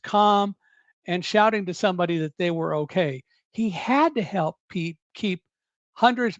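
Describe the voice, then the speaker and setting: An older man telling his own survival story in an interview, in a measured, deliberate way with occasional self-corrections. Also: high voice, no echo, dull audio. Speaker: guest recounting a survival story.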